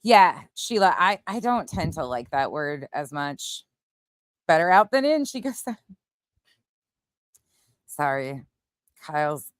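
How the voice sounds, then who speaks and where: A low-pitched, animated woman speaks slowly and pauses often while hosting a casual livestream, with no room sound in the recording. Out in the wind at night, she chats bluntly, swears occasionally, and greets viewers by their chat names.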